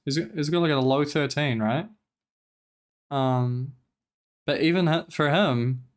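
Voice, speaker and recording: A man streaming live, giving loose, profane commentary as he reacts to gameplay. His voice is smooth and clear and sits at a middle pitch. He rants with animated exasperation.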